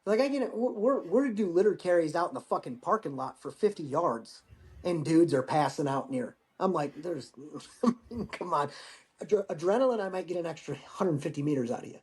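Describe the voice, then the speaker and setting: A man in his forties, a Marine veteran guest, telling war-training stories in a casual, profane, animated way. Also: fairly high pitch, moderate pace. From United States. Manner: profane, animated storyteller acting out dialogue. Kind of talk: casual storytelling interview.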